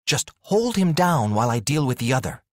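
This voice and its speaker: A man's voice: medium pitch, very animated, normal speed, husky, dry recording, clean studio sound, voice pushed up. A man voicing a young woman witch in a fantasy audiobook, anxious but determined, speaking urgently. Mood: stern.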